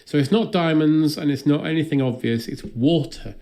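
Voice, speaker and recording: A man's voice: fairly high pitch, moderate pace, mellow. A man co-hosting a comedy podcast, recapping a film in a dry, sardonic way. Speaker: podcast co-host.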